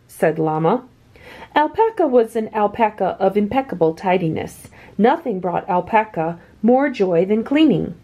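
A woman reading a children's picture book aloud with expressive, swooping delivery. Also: medium pitch, moderate pace. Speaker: children's story reader.

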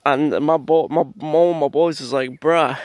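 A man's voice: fairly high pitch, fairly even intonation, unhurried, darkish tone, no echo. A young man telling a rambling story in a casual vlog, swearing freely and laughing often as he walks his dog in the woods. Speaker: vlogger. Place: outdoors in woods, walking dog.

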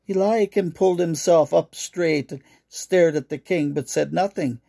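A man reading a children's story aloud in measured narration. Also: a little high, gravelly, dark tone, slightly rough.

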